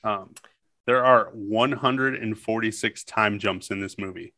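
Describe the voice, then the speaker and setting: A man's voice: fairly low pitch, measured pace, sharp tone, no echo. A man co-hosting a movie podcast, laid-back casual chat with short remarks. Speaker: podcast co-host.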